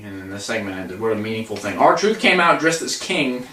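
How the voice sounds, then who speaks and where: A man's voice: mid-range voice, sing-song, moderate pace, bright, forceful tone, slight background noise. A young man co-hosting a casual wrestling review, sarcastic, profane and mocking as he recaps. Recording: echoey room, distant mic.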